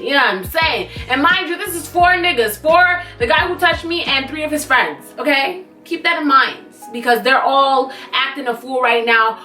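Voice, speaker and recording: A young woman in her twenties, a vlogger telling a storytime tale in an animated, sassy way with blunt slang. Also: sits high. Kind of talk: storytime vlog. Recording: echoey room, mic at a distance, faint music.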